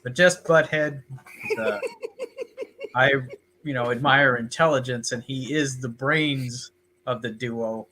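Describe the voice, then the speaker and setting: Man, relaxed co-host, dry jokes, slow bright delivery. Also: medium pitch, slight background noise. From Texas. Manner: laid-back, dry joking. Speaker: podcast co-host. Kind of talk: casual chat.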